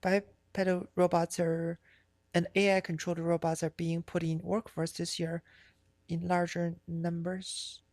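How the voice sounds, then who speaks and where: A woman's voice: lowish voice, flat delivery, unhurried, a little mellow, dry recording, clean studio sound. A woman streamer chatting casually on a live stream, rambling and swearing, with many fillers and restarts.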